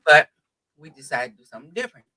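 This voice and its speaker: A man's voice: fast, poor audio. A man hosting a live online talk show over video call, playful and calling out to his viewers. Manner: lively, playful, calls out to viewers. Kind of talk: casual live-stream hosting.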